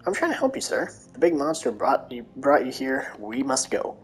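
A woman's voice: a bass voice, big pitch swings, moderate pace, husky, faint music behind, heavily acted. A woman voicing a frightened young girl who speaks in an anxious, pleading manner.

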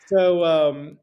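A man guest on a podcast, telling a story in a casual, animated way, swearing and acting out what people said. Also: a little high, gravelly, highs cut off. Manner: animated storyteller, acts out quotes, swears, laughs. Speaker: realtor guest.

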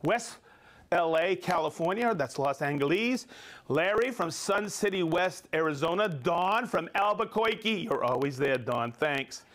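A man's voice: a little high, expressive, a little slow, a bit bright. A middle-aged man hosting a live stream, upbeat as he reads out viewer names and hometowns and sometimes stumbles over hard ones. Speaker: livestream host.

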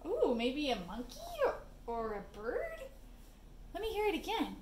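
A woman reading a picture book to children, singing its refrains in a slow, gently playful sing-song voice. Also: high-pitched, wildly swooping pitch. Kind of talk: sung storybook read-aloud. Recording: roomy echo, faint background hiss.

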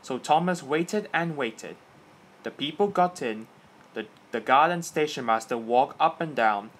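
A man's voice: fairly high pitch, expressive, a little slow, a bit bright, low-quality recording. A man reading a children's railway story aloud as the narrator.

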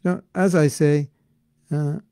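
A man teaching a devotional class in an earnest, conversational way, full of casual fillers, swinging between loud emphasis and soft asides. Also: fairly high pitch, steady tone, a little slow, clean tone, no echo. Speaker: spiritual teacher.

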